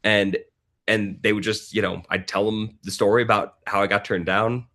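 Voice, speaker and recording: A man in his forties, a podcast guest, telling a personal story in a casual, animated way and acting out other people's lines. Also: lowish voice, moderate pace. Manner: animated, acts out the voices of people in his stories.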